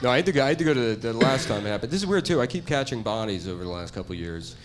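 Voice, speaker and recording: A middle-aged man doing a stand-up comedy set, rambling and deadpan, laughing at his own jokes. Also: medium pitch, racing, background noise.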